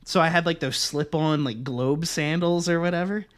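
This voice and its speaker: A man co-hosting a podcast, telling stories in a casual, profane, animated way. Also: on the high side, moderate pace, clear, resonant tone. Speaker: podcast co-host. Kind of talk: casual chat, storytelling.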